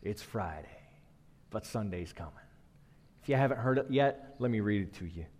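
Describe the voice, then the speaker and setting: A man preaching a sermon, building rhythmic refrains that swell and then drop low. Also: animated, normal speed, a little mellow. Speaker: pastor. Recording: long hall reverb.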